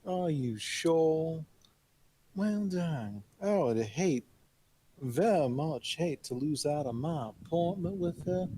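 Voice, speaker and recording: A man voicing an overly polite gentleman adventurer who speaks in formal, florid phrases. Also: fairly high pitch, expressive, slow pace, slight background noise, voice pushed up. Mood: courteous.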